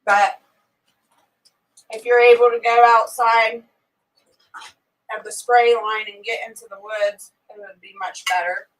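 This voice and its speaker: A woman with a high, bright voice chats casually with her live-stream viewers. She is outspoken and quick to vent. Her voice sits a little back from the microphone. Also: flat delivery. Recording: voice a bit distant from the mic.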